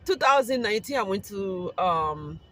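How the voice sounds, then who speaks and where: A man's voice: high-pitched, lively intonation, normal speed, fairly bright tone, poor audio. A man from Liberia with a Liberian accent mixed with American, earnestly rambling to his YouTube viewers while driving, with lots of "you know" fillers. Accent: Liberian English mixed with American. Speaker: YouTube vlogger. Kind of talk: casual vlog talk while driving. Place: in a car on a windy, sunny summer day.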